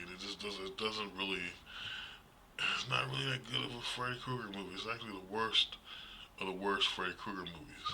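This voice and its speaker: A man giving a casual, rambling horror movie review, blunt and quick to laugh, with plenty of fillers. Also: deep voice, sharp tone, slight background noise, poor audio.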